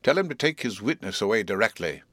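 A man's voice: on the low side, very animated, fast, fairly bright tone, no room sound. A man doing a stern, domineering lawyer. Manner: stern, curt and commanding.

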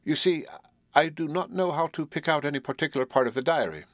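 A male audiobook reader playing an awkward, flustered doctor who speaks haltingly. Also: medium pitch, lively intonation, dry recording, clean studio sound, close to an everyday voice. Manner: halting and embarrassed. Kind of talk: audiobook character voice.

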